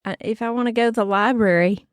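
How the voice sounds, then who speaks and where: A woman's voice: a little high, fast talker, no echo, studio quality. A middle-aged woman co-hosting a podcast, chatting casually, laughing often and slipping into playful put-on voices. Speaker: podcast co-host. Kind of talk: casual chat.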